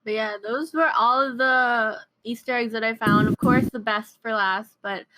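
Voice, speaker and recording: A woman's voice: a little high, steady tone, moderate pace, very noisy. A woman hosting a casual podcast chat with friends, easygoing and chatty. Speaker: podcast host.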